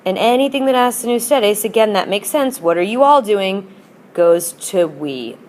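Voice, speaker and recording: A woman's voice: mid-range voice, expressive, moderate pace, a little mellow. A woman teacher explaining grammar in a patient, upbeat lesson and modelling example phrases for students. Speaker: Spanish teacher. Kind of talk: recorded classroom lesson.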